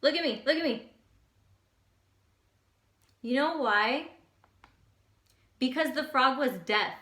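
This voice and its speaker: A woman hosting an energetic, casual motivational talk who repeats lines for emphasis. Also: sits high, slow. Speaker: motivational host. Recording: echoey room.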